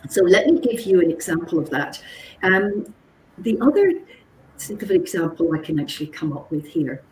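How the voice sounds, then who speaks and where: A woman and psychologist giving an animated workshop talk, checking in with her listeners and acting out conversations. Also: fairly low pitch, moderate pace, far from the mic. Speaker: psychologist and communications trainer. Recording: roomy echo with faint background noise.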